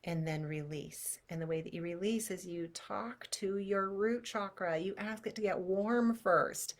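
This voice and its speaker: A woman teaching as a clairvoyant energy healer, leading a guided visualization in a chatty, expressive way that drops to soft near-whispers. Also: medium pitch, unhurried, hardly any pauses.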